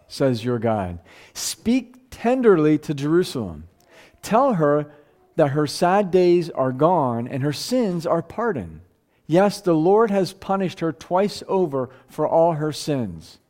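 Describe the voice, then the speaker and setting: A man's voice: fairly high pitch, warm tone. A man preaching a sermon, reading scripture aloud and asking his listeners questions in a conversational way. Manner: conversational, asks the room questions; reads scripture aloud, slowing for emphasis. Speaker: pastor.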